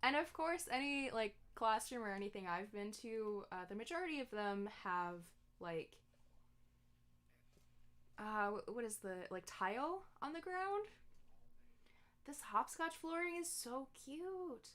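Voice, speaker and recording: A chatty young woman streamer talks through her gameplay in a relaxed, casual way, giggling and often stopping to correct herself. Her voice sits fairly high for a woman. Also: measured pace. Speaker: gaming streamer.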